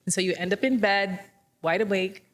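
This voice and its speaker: A woman moderator slowly asking a question on stage. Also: mid-range voice, steady tone. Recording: reverberant hall.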